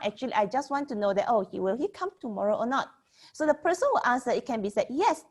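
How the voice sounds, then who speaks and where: Female teacher, fairly high voice, patient classroom explaining, repeats examples and asks "okay?". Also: lively intonation. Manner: explains slowly, repeats example sentences, frequent "okay?" checks. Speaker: Mandarin teacher. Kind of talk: online language lesson.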